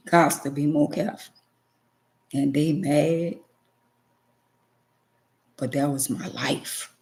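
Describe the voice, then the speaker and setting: Gravelly middle-aged woman testifying emphatically. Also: deep voice, darkish tone. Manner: emphatic, preachy, repeats phrases for stress. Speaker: vlogger. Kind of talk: emotional personal testimony to viewers.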